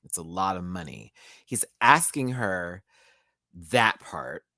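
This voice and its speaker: A woman's voice: very deep voice, animated, measured pace, pushed and bright, no echo, clean studio sound. A woman from the States, chatting and laughing often as she reviews a TV episode live from a home setup with a ring light. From Southern United States. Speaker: TV show reviewer.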